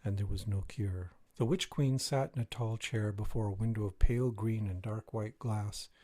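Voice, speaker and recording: Low, dark-voiced man reading a story. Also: moderate pace, no room sound. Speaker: reader.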